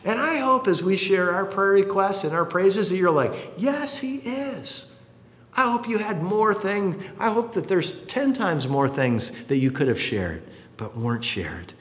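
A male pastor delivers a sermon with lively, swooping intonation, slipping into character to act out quotes. His voice sits fairly high. The recording carries the long reverb of a large hall. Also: normal speed. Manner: animated, acts out quotes.

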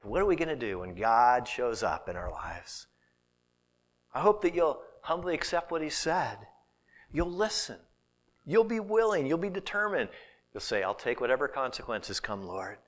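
A middle-aged pastor preaching, his voice sitting a little high and ranging widely as he tells stories. He acts out little voices and sometimes sinks to a near whisper. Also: moderate pace. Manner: animated storytelling, acting out voices, dropping to a hushed whisper. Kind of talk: sermon.

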